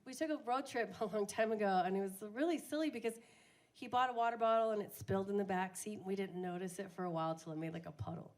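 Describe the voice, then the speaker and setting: A woman's voice: mid-range voice, fast. A young woman doing a crude, self-mocking stand-up comedy set on a bar stage, often laughing at her own jokes.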